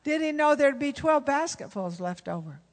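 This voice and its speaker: A woman's voice: high-pitched, expressive, normal speed. A woman, a pastor's wife, preaching a sermon and telling stories, acting out the dialogue and often laughing. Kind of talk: sermon with storytelling. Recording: long reverb of a large hall.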